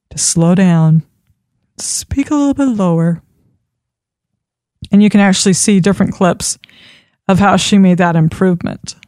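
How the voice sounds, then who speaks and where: A woman giving an instructional talk on public speaking, expressive and demonstrating pitch changes as she teaches. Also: dry recording, studio quality. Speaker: speaking coach.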